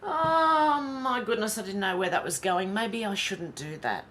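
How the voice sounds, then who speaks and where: A woman's voice: mid-range voice, lively intonation, normal speed, a bit bright, slight background noise. An Australian woman vlogger reading social media posts aloud and commenting on them in a chatty, wry way. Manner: chatty and wry, with sighs and asides.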